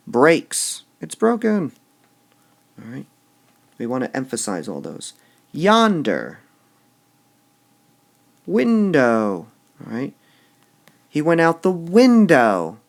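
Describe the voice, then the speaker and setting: Male teacher, gravelly and unhurried, lively pitch, punches the stressed syllables. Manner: slow, deliberate, stressing syllables aloud. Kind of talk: classroom lecture on poetic meter.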